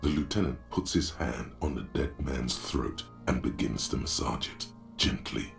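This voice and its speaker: An actor voicing a grave male narrator in a video game, with slow, ominous and vivid delivery. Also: very deep voice, creaky, soft background music, full character voice.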